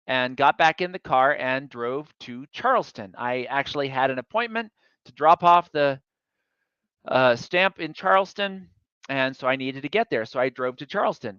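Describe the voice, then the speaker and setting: A man's voice: a little high, pushed and bright, clear, resonant tone, no echo, highs cut off. A man giving a public talk, telling a chatty, self-deprecating story from his travels. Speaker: guest speaker.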